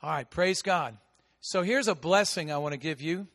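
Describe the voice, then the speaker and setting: A high, bright-voiced American pastor preaching with a big voice that jumps from fervent shouts to quiet asides. His words ring out with a long reverb through a church hall. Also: normal speed, gravelly. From United States. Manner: big voice that swings between shouting and hushed asides. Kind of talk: sermon.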